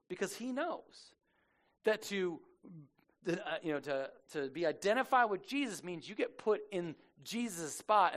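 A man preaching a sermon in a casual, joking storytelling way, acting out the characters as he goes. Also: sits high. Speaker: pastor.

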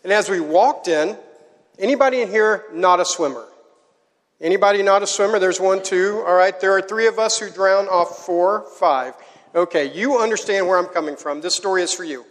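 High-voiced animated preacher man. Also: normal speed. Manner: animated storyteller, asks the audience to join in. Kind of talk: sermon story to a live audience. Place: large hall. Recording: hall with long reverb.

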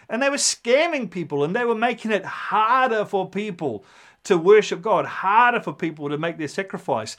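A pastor with a somewhat high voice preaches a sermon at normal speed, telling it like a story. He's animated and acts out the voices of the people in it.

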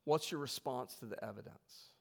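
A man preaching a sermon to his congregation, emphatic, swelling loud and then dropping low. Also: normal speed, vocal fry, in a large hall. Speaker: pastor. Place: church sanctuary.

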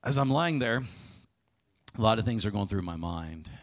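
A man's voice: on the low side, expressive, moderate pace. A man preaching a sermon, telling a personal story vividly and often restarting his phrases. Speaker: pastor. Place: church sanctuary.

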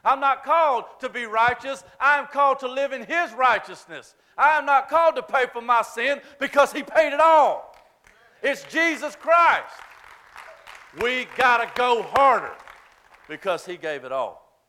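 A man preaching a sermon, swinging between shouted emphasis and hushed, quiet passages. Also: very high voice, lively intonation, unhurried, some chatter behind. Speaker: pastor.

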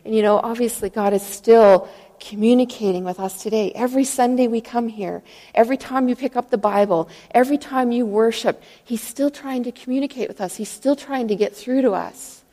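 A woman's voice: on the high side, normal speed, mellow, in a large hall. A woman preaching a sermon in a church, earnest and storytelling, retelling scripture stories and acting out the voices in them.

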